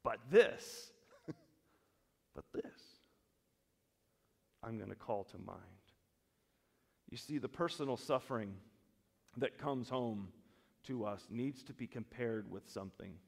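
A man preaching a sermon as pastor, switching between loud emphatic stretches and quiet, slow reflective passages, with humorous asides. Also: medium pitch, creaky. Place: church sanctuary. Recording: long church reverb.

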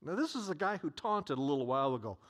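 Man, pastor, sermon, high voice, very lively pitch, animated storytelling. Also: fast. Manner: animated storytelling, frequent restarts.

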